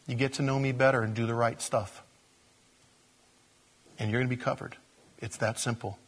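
Male pastor, husky tone, animated sermon delivery, swings from hushed to loud. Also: medium pitch, normal speed, long pauses. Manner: animated storytelling, whispers and laughs, prayerful close.

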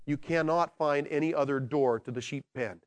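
A man preaching from the pulpit in a fairly high voice. He moves between slow, hushed stresses on key words and lively, excited bursts. The delivery is animated and conversational. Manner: animated, swinging from quiet emphasis to excited shouting. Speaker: pastor. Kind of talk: sermon.

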